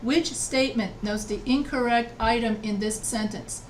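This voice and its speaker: A woman's voice: a little high, moderate pace, recorded from a distance, a little hiss or hum. A woman writing instructor teaching an online class, patiently repeating answers and checking that students follow. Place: video call from home.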